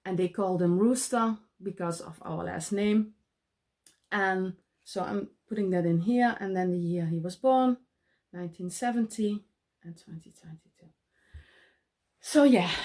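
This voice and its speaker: Slow, halting Dutch-accented woman. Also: mid-range voice, darkish tone. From Netherlands. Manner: halting, searching for English words. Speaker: cross-stitch vlogger. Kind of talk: casual show-and-tell vlog.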